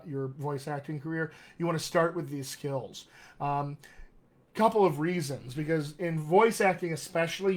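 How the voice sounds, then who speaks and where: Upbeat male dialect coach, slightly high voice. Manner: upbeat, encouraging, reads out viewer comments. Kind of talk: live-streamed vocal exercise lesson.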